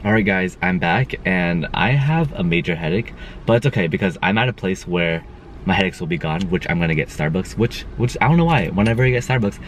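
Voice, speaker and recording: A young man vlogging casually to camera, excitable and gushing, nervous. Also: sits low, brisk, a little hiss or hum. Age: young adult. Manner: excitable, gushing, lots of "oh my God". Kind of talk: casual vlog talk to camera.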